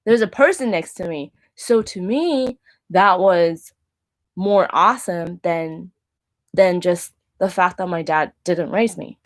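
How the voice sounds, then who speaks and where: Candid woman in her thirties, low voice. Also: slow. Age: 30s. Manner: candid, heavy use of "like". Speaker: host. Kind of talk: personal faith talk.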